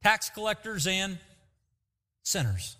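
A man preaching a sermon as pastor, lively and acting out quotes to make his points. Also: high voice, slow. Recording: long hall reverb.

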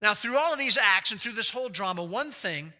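Speaking briskly in a high-pitched, animated voice, this pastor explains scripture in an expository sermon and fires rhetorical questions at the congregation. When quoting speech, he acts it out, swinging sharply between loud and soft.

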